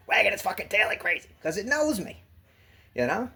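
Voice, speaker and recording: A man's voice: high voice, big pitch swings, a little fast, creaky, pushed and bright, slightly rough. A man talking casually to the camera in a blunt, profane rant, laughing now and then. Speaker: vlogger. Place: gym locker room.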